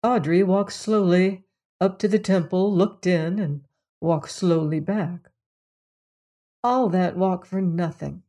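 A woman narrates a mystery novel at a slow, deliberate pace, her voice sitting on the low side. Her reading is measured and steady, like a host settling listeners into the next chapter. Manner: measured, unhurried storytelling.

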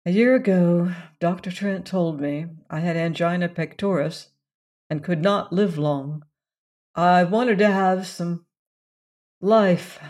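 A narrator voicing a blunt, tired young woman who answers her family in a flat, mechanical way. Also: mid-range voice, close to an everyday voice.

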